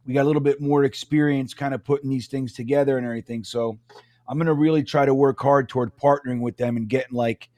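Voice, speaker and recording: A man co-hosting a casual podcast, rambling through stories and acting out quotes loudly. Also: medium pitch, steady tone, fast talker, no room sound. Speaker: podcast co-host.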